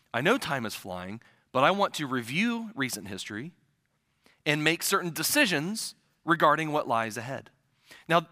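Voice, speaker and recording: Bright-voiced pastor in a reverberant hall. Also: male voice, fairly high pitch. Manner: conversational, warm humor with many restarts. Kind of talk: sermon. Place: church sanctuary. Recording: long reverb of a church hall.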